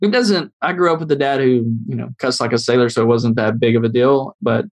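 Brief: middle-aged male guest, easygoing and self-deprecating, mid pitch, dry close mic. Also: brisk, dry recording. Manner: relaxed, self-deprecating, laughs along. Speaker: guest, business owner. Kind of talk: casual conversational interview.

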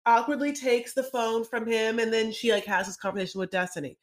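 A woman co-hosting a casual podcast, recapping reality TV with lots of filler words and quick asides. She keeps slipping into voices to act out the people in each scene. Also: fairly high pitch. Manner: animated, acts out scenes in voices. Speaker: podcast co-host.

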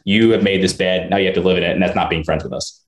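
A man's voice: low voice, fairly even intonation, fast. A man co-hosting a casual chat, giving opinions in an easygoing way and swearing casually. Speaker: co-host. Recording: roomy echo.

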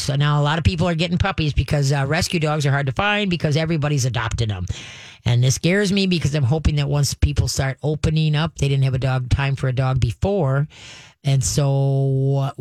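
A man's voice: on the high side, no room sound. An older man hosting a call-in radio show, giving dog training advice in a folksy way and often addressing listeners as "folks". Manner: folksy, repeats "folks" and chants commands.

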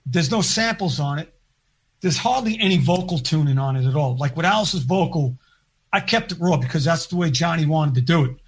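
A man with a high, husky voice rambles through studio stories as a podcast guest. His talk is loose and casual, packed with "like" fillers and restarts. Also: animated, brisk. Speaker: podcast guest, record producer. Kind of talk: casual storytelling.

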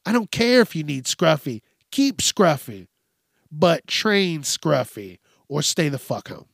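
A man's voice: very animated, takes it slowly, vocal fry, a bit bright, dry recording, clean studio sound. A man hosting a podcast, ranting casually and profanely about everyday annoyances, with an exasperated tone. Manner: profane, exasperated, mimics people in high voices. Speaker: podcast host.

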